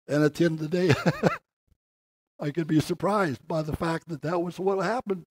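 An older man giving an earnest sermon, slowing down and rising in pitch to stress key words. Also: very animated. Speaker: preacher.

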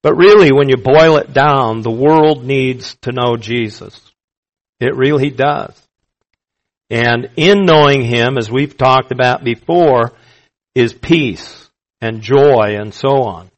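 A male pastor preaching a sermon, emphatic and slow, repeating his key phrases for weight. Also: mid-range voice, low-quality recording.

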